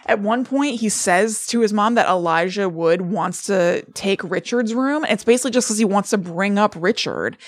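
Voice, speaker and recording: A woman co-hosting a podcast, casually recapping a movie plot in an animated, storytelling way. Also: medium pitch, normal speed, few pauses, dry recording. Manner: animated storyteller, acts out lines with laughs. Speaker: podcast co-host.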